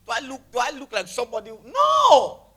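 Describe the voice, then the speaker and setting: A man preaching a sermon to his church, with a lively, emphatic delivery that jumps from shouts to near whispers and mixes in Pidgin phrases. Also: extremely high pitch, rapid-fire, slightly rough. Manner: animated preaching, shouting then dropping to a hush, Pidgin phrases, laughing. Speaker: pastor. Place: church hall with congregation.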